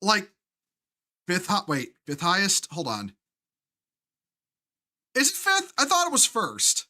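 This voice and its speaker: A man's voice: high voice, huge pitch swings, bright, forceful tone. A man hosting a live stream, ranting with heavy profanity and frequent restarts. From United States. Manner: profane, heated, halting restarts.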